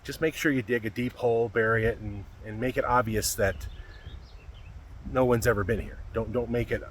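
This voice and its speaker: A man's voice: medium pitch, steady tone, moderate pace, slight background noise. A middle-aged man on a wilderness backpacking trip, talking to viewers in a folksy, chatty way while walking outdoors in mountain woods. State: a little out of breath. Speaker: backpacking vlogger. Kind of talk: casual outdoor vlog narration.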